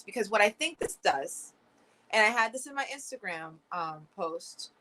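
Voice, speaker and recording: A woman's voice: mid-range voice, animated, moderate pace, sharp tone, rough recording. A woman hosting a live watch party, talking to viewers in a sarcastic, exasperated and chatty way. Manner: sarcastic, exasperated running commentary, lots of "like" and "y'all". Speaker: livestream host.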